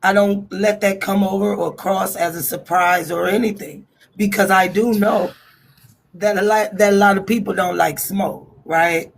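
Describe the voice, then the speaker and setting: A woman calling in to a panel chat, with a raspy smoker's voice, talking frankly and holding back on private matters. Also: mid-range voice, steady tone, measured pace. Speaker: panel caller. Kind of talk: casual chat.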